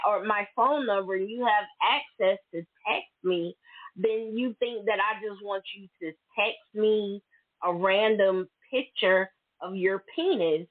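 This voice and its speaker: A woman hosting a solo podcast, venting bluntly and emphatically in casual, profane talk. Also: medium pitch. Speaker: podcast host. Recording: tinny phone-like audio.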